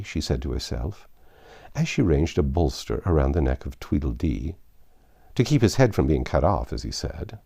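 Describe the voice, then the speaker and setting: A man with a very low, gravelly voice reads a classic storybook aloud. His delivery is theatrical, with wide sweeps of pitch and a dark, mellow tone. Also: normal speed. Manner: expressive, theatrical reading. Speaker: narrator. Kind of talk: scripted narration of a classic novel.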